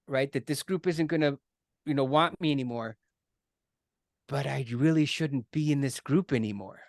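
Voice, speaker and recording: A man's voice: on the high side, no room sound, clean studio sound. A middle-aged man giving an earnest, conversational explanation as a podcast guest, often checking in with "right?" and restarting his words.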